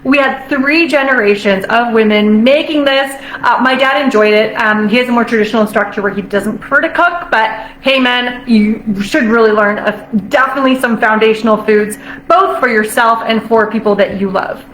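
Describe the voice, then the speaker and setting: A woman giving a casual motivational talk as a nutrition coach, bubbly and quick to laugh, stretching out phrases for emphasis. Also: fairly high pitch, a bit bright, echoey room, slight background noise, poor audio.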